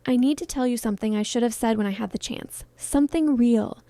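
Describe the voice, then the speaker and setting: A woman reading as a heartbroken film star in her thirties, soft and pleading in a storybook retelling. The voice sits a little high with a mellow, warm tone. It is close and dry, with no room sound. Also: a little fast, no echo, natural voice. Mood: tender.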